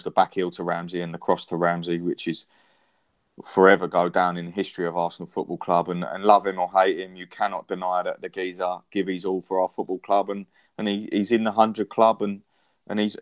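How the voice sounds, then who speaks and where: Deep-voiced man ranting about football. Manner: passionate, rambling with restarts and swearing. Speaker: podcast co-host. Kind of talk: casual football chat.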